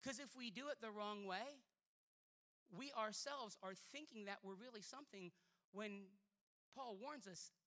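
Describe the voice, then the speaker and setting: A preacher delivering a blunt, emphatic sermon that swings between loud declarations and quiet asides. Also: mid-range voice, measured pace.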